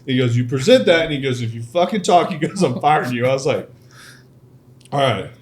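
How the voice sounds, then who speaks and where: A man's voice: medium pitch, fairly quick. A young adult man hosting a podcast, telling stories in casual chat and laughing often. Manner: storytelling, laughs often, animated. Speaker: podcast host.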